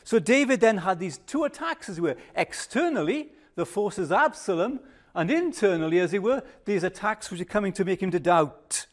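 In a sermon, an older man speaks with measured emphasis and an animated, high voice, sinking into a hush at his reflective pauses.

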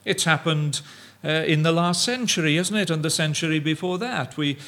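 A man preaches an evening sermon in a voice on the higher side for a man. He speaks haltingly, full of fillers and restarts, and mimics the views he argues against in quoted asides. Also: fairly bright tone.

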